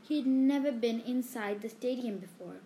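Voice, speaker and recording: A woman reading a storybook aloud, unhurried, with small slips. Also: on the high side, warm tone, slight background noise. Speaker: reader.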